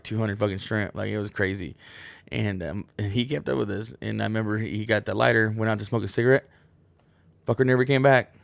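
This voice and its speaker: A man's voice: fairly low pitch, gravelly, no echo. A man hosting a casual show, telling rambling profane stories full of fillers and restarts. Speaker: podcast host. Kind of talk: casual storytelling monologue.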